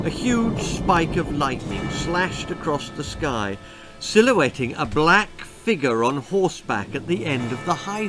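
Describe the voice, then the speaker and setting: A man, the author, reading a children's horror-comedy story aloud in a playful, theatrical way. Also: on the high side.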